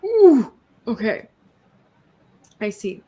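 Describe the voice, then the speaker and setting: Slow, hesitant woman player. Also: fairly high pitch, sing-song, mellow, slightly rough. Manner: hesitant, polite, slow questions. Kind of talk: casual tabletop play.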